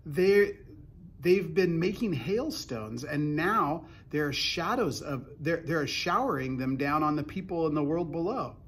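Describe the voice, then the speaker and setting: A man's voice: on the high side, a little slow, breathy edge, full character voice. A man voicing an eager young boy. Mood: excited. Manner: urgent, excited. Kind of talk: storybook reading.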